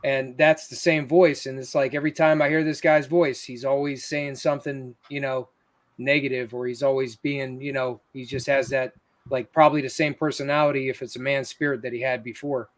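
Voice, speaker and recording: A man's voice: mid-range voice, flat delivery, fairly quick. A man in casual conversation, earnestly telling stories from his ghost investigations. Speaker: paranormal investigator. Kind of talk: casual chat.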